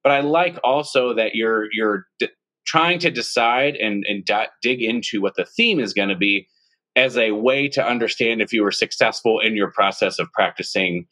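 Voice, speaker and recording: A male podcast host speaks in a somewhat low voice with a bright, forceful edge. He reflects on what his guest said and works it into his own thoughts, often starting a sentence over. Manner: reflective, rephrases and builds on the guest's points. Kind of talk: conversational interview.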